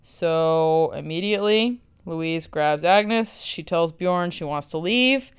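A woman's voice: on the low side, slow, clear, resonant tone. A woman podcast host recapping a film in a blunt, sarcastic way, swearing freely.

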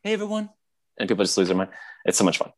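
A man chatting casually on a podcast, rambling with lots of fillers and excited retellings. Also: sits low, rapid-fire. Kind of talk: casual chat.

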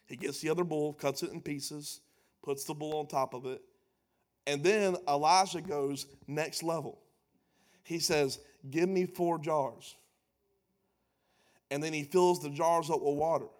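A man preaching with a high, lifted voice. He delivers the sermon in an animated, sarcastic way, rising loud and then dropping to a hush. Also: unhurried, pauses often. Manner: animated, sarcastic, shifts between loud and hushed.

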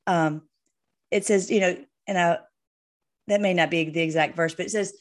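A woman's voice: fairly low pitch, fairly even intonation. Woman talking faith, many restarts. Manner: halting, many fillers and restarts. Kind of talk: casual faith conversation.

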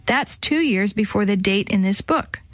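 A woman's voice: mid-range voice, expressive, moderate pace, no room sound, natural voice. Storybook boy read by a woman: earnest, correcting, dry close sound. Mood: matter-of-fact. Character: earnest boy Chris, young and reasonable.

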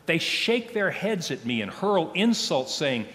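A man preaches in a church sanctuary with a long, ringing reverb. His delivery is slow and solemn, with a lively, rising-and-falling pitch. His phrases often drop to a near hush at the ends. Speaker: pastor. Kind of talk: sermon.

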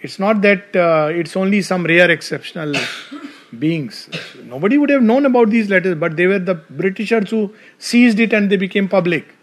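A man's voice: high-pitched, normal speed. A man with an Indian English accent giving a devotional talk to an audience, telling stories and asking the listeners questions. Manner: animated storytelling, asks the audience questions. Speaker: spiritual speaker.

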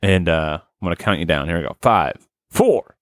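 A man in casual comedy banter, talking dry and deadpan. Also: deep voice, normal speed, dry recording, pitched below the performer's own voice.

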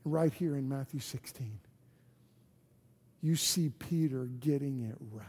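A man's voice: medium pitch, unhurried, pauses often, a little mellow, slightly rough. A man preaching a sermon as a pastor, earnest and full of rhetorical questions and restarts. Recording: long hall reverb.

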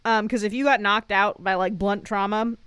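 A woman's voice: mid-range voice, fairly even intonation, normal speed, a bit bright, clear, resonant tone, no room sound. A woman co-hosting a casual podcast, wryly recapping a show in a loose, rambling way. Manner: wry, rambling storyteller. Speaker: podcast co-host.

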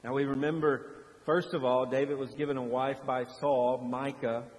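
A man's voice: mid-range voice, little pitch movement. Preacher man with long echoing reverb. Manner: swings from hushed and slow to loud and fervent. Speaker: pastor. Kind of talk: sermon.

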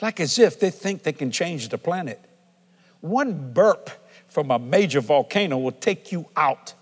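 Middle-aged guy preaching in a big church, kinda high voice, folksy then hollering, long hall echo. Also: lively intonation, measured pace, slightly rough. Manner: folksy, building from conversational to shouting. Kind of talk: sermon. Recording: long reverb of a large hall.

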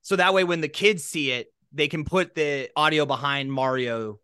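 A man's voice: fairly high pitch, moderate pace, bright, forceful tone, smooth, dry recording, studio quality. A man co-hosting a comedy podcast, riffing in casual chat with profane asides and mock voices. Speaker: podcast co-host.

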